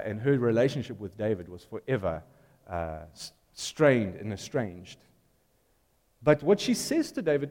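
A man's voice: on the high side, darkish tone, in a large hall. A man preaching a sermon in a conversational, storytelling way, putting questions to the congregation.

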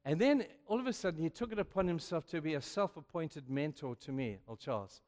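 A male pastor preaching a sermon, telling stories with sudden swings between hushed and loud. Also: a little high, lively intonation, brisk. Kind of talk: sermon with storytelling. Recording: long reverb of a large hall.

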